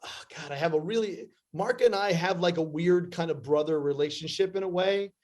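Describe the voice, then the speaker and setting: A middle-aged actor telling profane, animated stories in a casual interview, acting out other people's lines as he goes. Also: a little high, fairly quick. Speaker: actor guest.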